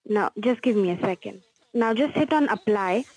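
A woman's voice: mid-range voice, animated, normal speed, darkish tone, slightly rough, no room sound, rough recording. Patient scripted phone scammer woman. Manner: patient, scripted, repeats "sir". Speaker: scam caller. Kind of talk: phone call.

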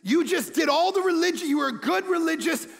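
A man in his forties preaching a sermon as pastor, telling stories animatedly and shouting some lines for emphasis. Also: extremely high pitch, a little fast, vocal fry, in a large hall. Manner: animated storytelling, acts out quotes, shouts for emphasis.

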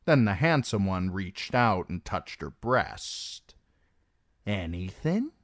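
A male narrator reading a fantasy novel aloud, unhurried and deliberate, his pitch rising and falling widely with the story. The voice is close and dry, with no room sound. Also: dry recording. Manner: slow, expressive reading. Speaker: audiobook reader.

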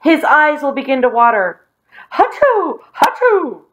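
A woman reading aloud, voicing an excitable, dramatic schoolboy with high, overacted sneezes. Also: normal speed, lightly acted. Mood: scheming.

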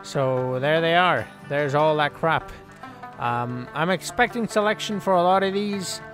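A man giving casual, joking commentary over his own video game play, yelling at the players on screen. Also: a little high, a little slow, soft background music. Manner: excitable, jokey, scolds the game's players aloud. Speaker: gaming channel host.

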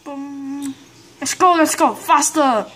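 High excitable woman gamer. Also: slow pace. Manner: excitable, frequent exclamations and groans, broken English. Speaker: gameplay commentator. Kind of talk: live gameplay commentary.

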